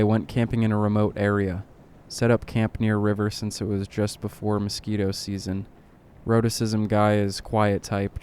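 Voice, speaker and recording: A man narrating horror stories in a deadpan way, with occasional dry asides. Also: fairly low pitch, clean tone. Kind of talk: reading horror stories aloud.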